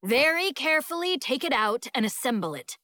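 A woman's voice: sits high, sing-song, fairly quick, pushed and bright, dry recording, clean studio sound, full character voice. A woman doing a harried male music teacher. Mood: commanding. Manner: commanding, bellowing.

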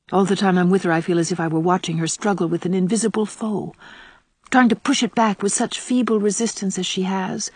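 Female narrator doing a gentle young woman, quiet and low, breathy and dry, audiobook. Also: no room sound. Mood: sad.

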